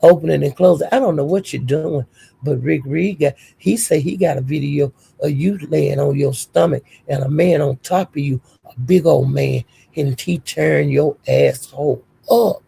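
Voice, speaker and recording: A woman livestream host tells a story in a heated, profane rant. Her voice is dark and mellow in tone, yet heavily gravelly and very husky. She scolds and jumps between storytelling and insults. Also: low voice, normal speed.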